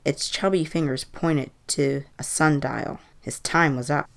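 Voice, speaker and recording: A woman reading a Halloween horror story aloud in an even, measured way. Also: low-pitched, creaky.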